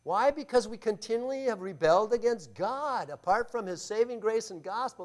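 A man preaching a sermon as pastor, emphatic, asking the congregation rhetorical questions and swinging between loud stresses and quiet asides. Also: high voice, lively intonation, moderate pace, few pauses.

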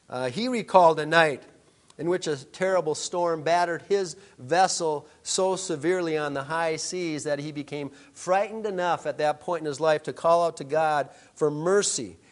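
A man preaching a sermon, telling stories with frequent halting restarts. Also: fairly high pitch. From Upper Midwest of the USA. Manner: halting storytelling with many restarts. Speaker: pastor.

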